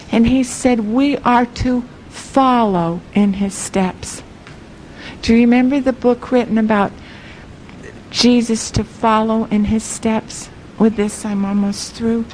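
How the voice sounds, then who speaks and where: A woman preacher telling a story in a sermon, earnest and emphatic, slowing down on the key words. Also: a little high, a little mellow, a little hiss or hum, poor audio.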